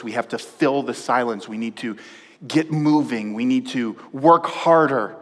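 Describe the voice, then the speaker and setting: A man preaching a sermon as pastor, animated, swinging from loud emphasis to hushed, quiet passages. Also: medium pitch, unhurried. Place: church sanctuary. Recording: long hall reverb.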